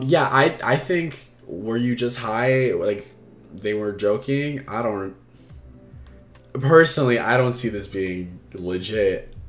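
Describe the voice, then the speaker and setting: A man's voice: on the low side, reverberant. A man hosting an advice livestream, talking frankly and casually with lots of fillers and swearing. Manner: frank and chatty, swears freely, many fillers. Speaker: advice stream host.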